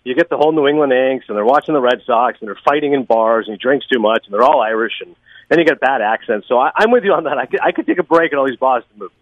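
Guy gushing about movies on a podcast, rapid-fire, kinda muffled dry audio. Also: medium pitch, expressive, no room sound. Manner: fast, enthusiastic, talkative. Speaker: podcast guest, film critic. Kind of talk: casual podcast chat.

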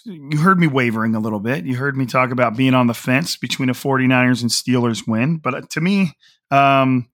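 A man hosts a casual podcast with a hoarse, strained voice. His tone is bright and forceful even as he rambles through restarts and fillers. The recording is close and dry, with no room sound. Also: mid-range voice, dry recording. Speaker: podcast host. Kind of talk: casual solo podcast talk.

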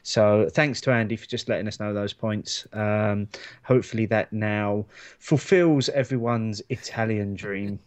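A man co-hosting a beer podcast, talking in a relaxed, rambling way with lots of ums. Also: fairly low pitch, unhurried. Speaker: podcast co-host. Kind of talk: casual chat.

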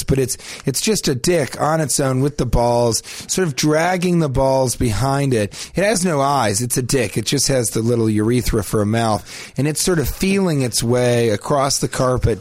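A man hosting a comedy podcast, telling crude, absurd stories in a deadpan, rambling way. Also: mid-range voice, no echo.

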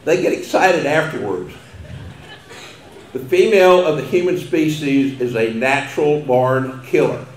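A man's voice: medium pitch, animated, a little slow, slight background noise. An older man with a Texan accent, giving a humorous after-dinner speech with folksy, chuckling storytelling. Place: banquet hall. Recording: echoey banquet hall.

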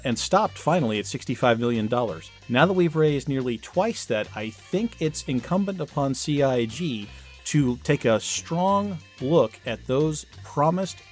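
A man's voice: mid-range voice, a little mellow, close to an everyday voice. A hot-headed male debater, as a man puts him on for a mock debate. He is indignant and insulting, and he presses his demands again and again.

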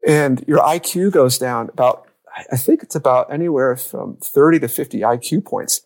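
A man who works as a youth and family coach, talking on a podcast as a lively storyteller who acts out quoted lines. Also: on the high side, normal speed. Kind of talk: podcast conversation.

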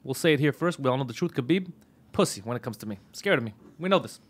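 A man's voice: medium pitch, lively intonation, quick pace. A man joking through a casual podcast chat, slipping into exaggerated voices. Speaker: podcast host.

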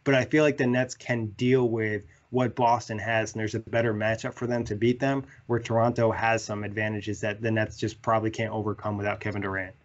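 A man's voice: on the low side, flat delivery, brisk, hardly any pauses. A man chatting casually on a sports podcast, rambling with lots of "like" fillers. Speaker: podcast co-host. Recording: slightly dull lo-fi audio.

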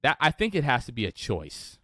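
A man's voice: medium pitch, wildly swooping pitch, fairly quick, pushed and bright, no echo. A man co-hosting a sports podcast, talking casually and rambling with frequent restarts. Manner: rambling, chatty, many restarts. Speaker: podcast co-host. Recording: dry close-mic sound.

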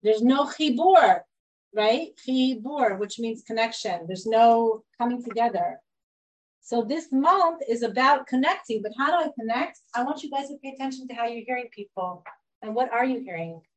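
A woman's voice: fairly high pitch, normal speed. A woman in her thirties teaching a class in a chatty way, often asking the group questions. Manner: conversational, asks the class questions. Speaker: Torah teacher. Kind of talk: informal class talk to a group. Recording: dull lo-fi class recording.

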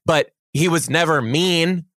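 A man's voice: on the high side, a little slow, a bit bright, no room sound, clean studio sound. A young man on a podcast, animatedly retelling a story from his teaching days, swearing and getting worked up. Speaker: podcast co-host, former teacher. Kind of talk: casual storytelling chat.

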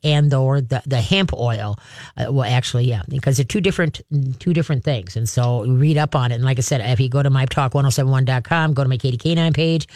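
A woman hosting a call-in radio show as a dog trainer, chatty and animated, with lots of fillers and restarts. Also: low-pitched, no room sound, studio quality. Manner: chatty, animated, acts out dog and owner voices.

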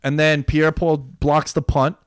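A young man hosting a casual podcast, telling sports stories with excitement and plenty of swearing. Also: a little high, measured pace, clean tone, no room sound, studio quality. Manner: excitable storyteller, swears freely. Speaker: podcast host. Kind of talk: casual chat.

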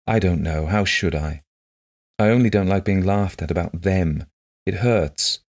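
A man reading the part of a gentle, shy blind woman who talks softly and earnestly in simple phrases. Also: low-pitched, unhurried.

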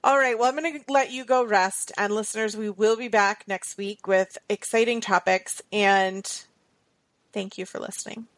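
A woman's voice: medium pitch, fairly even intonation, normal speed, a bit bright. A woman co-hosting a podcast in casual chat, talkative and laughing often. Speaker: podcast co-host.

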